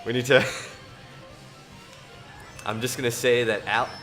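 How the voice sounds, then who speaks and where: A man's voice: medium pitch, steady tone, a little slow, fairly bright tone, faint music behind. A man streaming alone, reading scripture aloud and chatting casually, rambling to himself and chuckling often.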